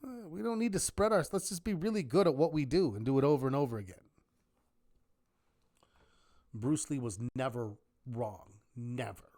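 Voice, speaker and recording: A man teaching a live online trading class in a lively manner, often asking rhetorical questions. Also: medium pitch, normal speed, pauses often. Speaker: trading instructor.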